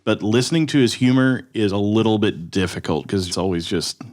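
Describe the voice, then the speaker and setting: A man co-hosting a casual podcast chat, quick and joking. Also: on the low side, a little mellow. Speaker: podcast co-host.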